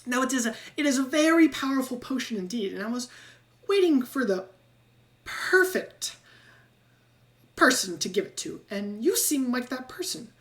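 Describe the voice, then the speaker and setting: An eccentric male rat scientist, shady and desperate for a friend, squeaking through his lines, as a woman acts him out. His high voice leaps all over the place and sounds a little distant from the microphone. He fits a tabletop fantasy game. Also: expressive, normal speed, lightly acted. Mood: eager.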